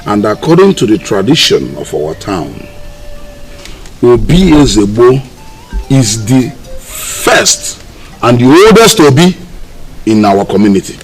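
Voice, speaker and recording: A man's voice: medium pitch, very animated, soft background music, rough recording. A man with a Nigerian accent playing an elder who formally chairs a village council. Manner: measured, formal.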